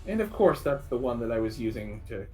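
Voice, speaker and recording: A man's voice: medium pitch, very animated, darkish tone, soft background music. Easygoing man running a tabletop game. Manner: casual, halting narration with restarts. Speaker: game master.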